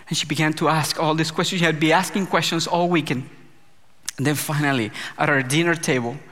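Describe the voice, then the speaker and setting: A man preaching a sermon as pastor, impassioned, building to emphatic peaks and dropping soft. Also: on the high side, in a large hall.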